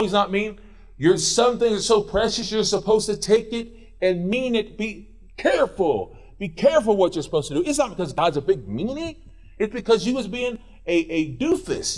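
A male pastor preaching a sermon in a church, swinging between loud urging and quiet intensity. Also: mid-range voice.

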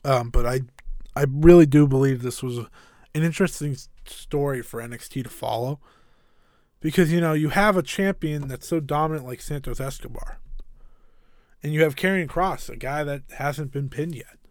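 A man's voice: a little high, normal speed, a little mellow, no echo, studio quality. A man giving a casual, enthusiastic and opinionated recap of a wrestling show, rambling a little with fillers.

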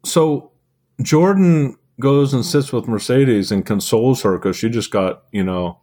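A man co-hosting a podcast who recaps events in a relaxed, easygoing way with plenty of fillers. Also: mid-range voice, measured pace. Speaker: podcast co-host. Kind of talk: casual chat.

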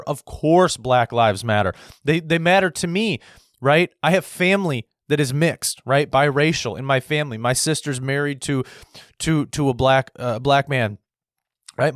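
A man's voice: a little high, no echo, clean studio sound. Blunt, combative man ranting. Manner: combative, blunt, repetitive, swearing. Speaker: political commentator. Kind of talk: ranting opinion monologue.

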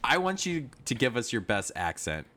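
A man's voice: mid-range voice, sing-song, normal speed, sharp tone. A man hosting a casual podcast chat, playfully prodding his guests with questions. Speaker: podcast host.

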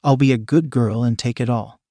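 A man's voice: mid-range voice, steady tone, brisk, mellow, no echo, clean studio sound, lightly acted. A man voicing a shy young woman who whines and pleads breathlessly in an adult audio story. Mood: pleading.

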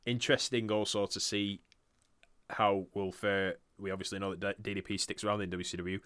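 A man's voice: lowish voice, little pitch movement, a little fast, fairly bright tone, clean tone, dry recording. A man hosting a podcast in casual chat, swearing freely and laughing often. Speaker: podcast host. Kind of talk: casual chat, reviewing wrestling results.

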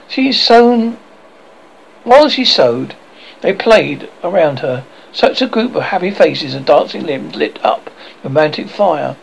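A man reading a children's novel aloud, unhurried and with small slips and self-corrections. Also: fairly high pitch, very animated, gravelly, a little hiss or hum, poor audio. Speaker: audiobook reader.

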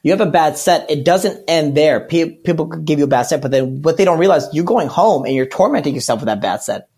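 A man's voice: a little high, lively intonation, brisk, a little mellow, husky. A man, a stand-up comedian and podcast guest, talking candidly in a rambling, earnest way with many restarts. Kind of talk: candid casual chat.

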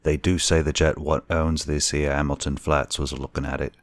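A man's voice: a bass voice, flat delivery, fairly quick, no room sound. A man voicing a young Cockney bellboy and former soldier, deferential and anxious, forever saying sir. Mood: telling tale.

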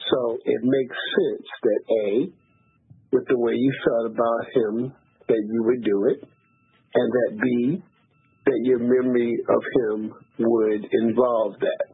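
A man working as a psychic reader on a phone line, calm and measured, asking questions and giving readings. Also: medium pitch, husky, no room sound. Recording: dry tinny phone line.

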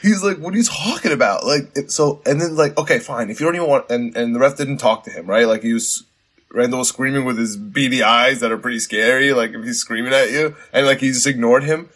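A man co-hosts a sports podcast in loose, rambling talk, often restarting his sentences. His voice sits in an ordinary middle pitch. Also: a bit bright. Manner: rambling, halting, frequent restarts and laughs. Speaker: podcast co-host. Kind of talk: casual sports podcast chat.

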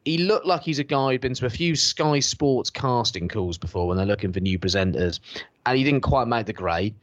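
This is a man on a casual podcast, ranting with sarcasm and plenty of swearing. His pitch jumps around in a very lively way as he mocks things. The sound is dry and close, with no room echo. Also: a little fast. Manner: sarcastic, swearing, animated mocking rants. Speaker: podcast co-host. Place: at home on a sofa.

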